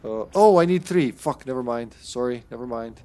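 A man commenting on his own online game as he plays, swearing often and sometimes shouting at the screen. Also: mid-range voice, animated, normal speed, a little hiss or hum. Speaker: streamer. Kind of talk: live gameplay commentary.

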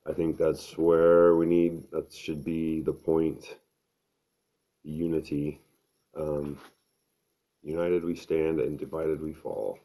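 Guy in his middle years, really low voice, slow earnest home vlog just thinking out loud. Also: level tone. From American Midwest. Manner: unhurried, thinking aloud, earnest. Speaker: vlogger. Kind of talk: casual to-camera monologue.

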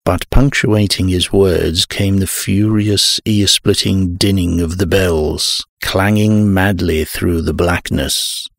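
Deep, gravelly male horror narrator. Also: fairly even intonation, no room sound, clean studio sound. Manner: measured, dramatic first-person telling. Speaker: audiobook narrator.

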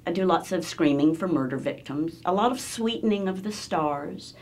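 Animated voice-over woman. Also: fairly low pitch, moderate pace, few pauses. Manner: lively, shifting into playful voices. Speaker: voice-over artist. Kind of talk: casual interview talk.

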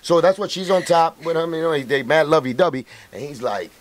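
A man, a guest on a radio show, telling a candid story in a profane, animated street-talk manner. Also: fairly high pitch, brisk, slight background noise.

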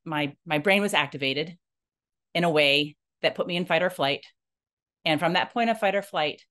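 A woman with a slightly low voice speaks in an emotional personal monologue. Her delivery is earnest and halting, full of restarts, and it swings up and down in pitch as she talks things through. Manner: animated, rising and falling in pitch. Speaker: nonprofit leader sharing a personal story.

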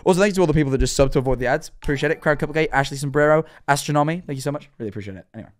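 A man's voice: on the high side, racing. A man livestreaming his reaction to a horror series, rambling and swearing as he talks to his chat, his voice worn out. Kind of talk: casual livestream commentary.

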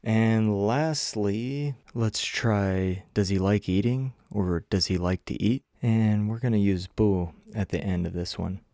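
A man teaching a casual recorded language lesson, slowing down to repeat example phrases for learners. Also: on the low side, dark tone, no echo, studio quality. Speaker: Mandarin teacher.

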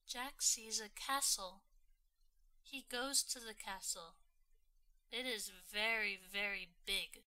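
Casting: woman storyteller for a learners' read-along, very slow, clear and bright. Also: mid-range voice. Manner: clear, deliberate simple phrasing.

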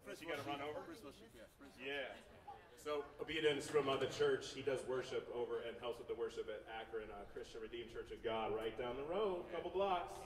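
A man's voice: medium pitch, fairly quick, distant mic, crowd noise. A man leading a live church service, talking casually and joking with the congregation. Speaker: worship leader. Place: church sanctuary. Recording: echoey sanctuary mic from off a way, music behind.

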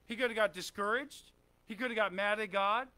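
A man's voice: high voice, a little fast, sharp tone. A man preaching a conversational sermon in a church, often asking the congregation questions and saying "amen.". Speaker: pastor.

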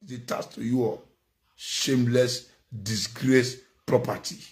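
A man's voice: mid-range voice, fairly even intonation, a little slow. A man with a Nigerian accent giving a ranting vlog commentary, scolding and preaching, repeating phrases for emphasis.

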